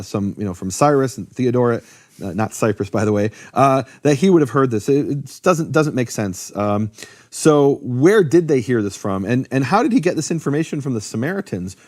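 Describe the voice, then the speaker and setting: A man teaching in casual talk, lively, with many fillers and restarts. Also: fairly high pitch. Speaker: Bible teacher.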